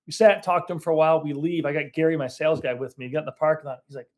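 A man's voice: on the high side, fairly even intonation, racing, hardly any pauses. A man, a business owner, telling his story in a casual interview with many restarts and fillers. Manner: rambling, self-correcting storyteller.

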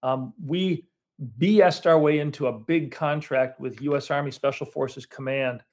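A man's voice: medium pitch, steady tone, normal speed, a little mellow. A man, a business owner, telling his story in a casual interview with many restarts and fillers. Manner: rambling, self-correcting storyteller.

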